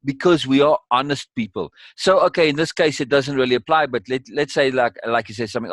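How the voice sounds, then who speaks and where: A man's voice: mid-range voice, quick pace, hardly any pauses, a bit bright, no echo. A man leading a course session in conversational teaching style, emphatic and repeating key words for weight.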